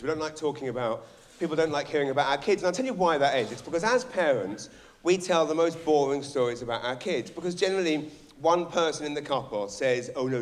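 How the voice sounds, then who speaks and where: English man, stand-up comic, brash, swearing, lively storytelling, on stage, somewhat high voice. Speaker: stand-up comedian. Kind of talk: live stand-up comedy. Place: theatre stage before a live audience.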